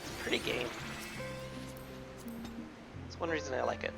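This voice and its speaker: A man's voice: mid-range voice, moderate pace, creaky. A man streaming a game, rambling and joking casually through his gameplay commentary. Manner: joking, rambling, self-mocking. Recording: game music behind.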